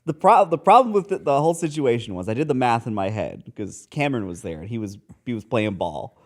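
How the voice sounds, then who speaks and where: Joking man on a podcast, lively pitch. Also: brisk. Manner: joking, deadpan exaggeration. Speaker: podcast co-host. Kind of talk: casual comedic chat.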